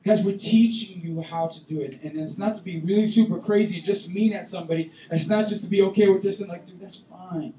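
A man preaching a sermon as a youth pastor, animated, bursting into loud acted-out voices. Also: sits high, quick pace, hardly any pauses, a little hiss or hum. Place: church sanctuary. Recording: echoey room, voice from far off the mic.

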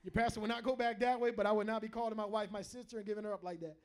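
A man's voice: high voice, rapid-fire. A middle-aged man preaching a sermon in a church, joking and calling out to the congregation. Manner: animated, joking, calls out to the congregation. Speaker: pastor. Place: church hall with a live congregation.

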